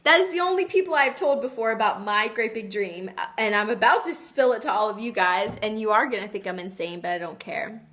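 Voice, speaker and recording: A woman's voice: mid-range voice, a little fast, hardly any pauses, a bit bright. A woman hosting a motivational live video, talking earnestly and emphatically and reading out viewer comments. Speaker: live stream host.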